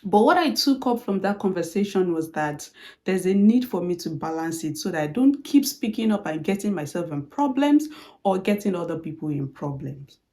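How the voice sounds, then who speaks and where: Mellow-voiced woman telling a motivational story. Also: fairly low pitch, normal speed. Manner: animated storytelling, acts out quoted dialogue. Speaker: motivational speaker.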